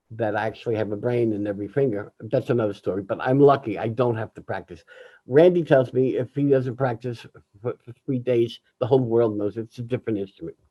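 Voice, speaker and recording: An older man, a jazz pianist, speaking candidly over a video call in an emotional, reflective way, often halting and restarting. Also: medium pitch, lo-fi sound. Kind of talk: candid personal talk.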